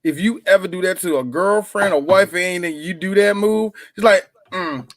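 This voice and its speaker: A man's voice: high voice, moderate pace, fairly bright tone, no echo, studio quality. A man co-hosting a live podcast, talking animatedly and laughing as he acts out quotes. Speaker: podcast co-host. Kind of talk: casual live-show movie talk.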